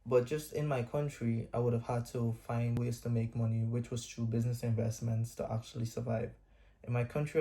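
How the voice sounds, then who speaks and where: A man in his twenties telling his own life story in a vlog, speaking in a measured, reflective way with pauses. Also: mid-range voice, mellow. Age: 20s. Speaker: vlogger. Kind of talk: personal storytime monologue.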